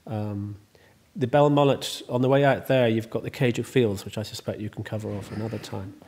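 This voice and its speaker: A man's voice: on the low side, fairly even intonation, fairly quick, darkish tone, slight background noise. Rambling, chatty man. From Ireland. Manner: rambling, chatty, many ums and restarts. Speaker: host and estate owner. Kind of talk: casual interview.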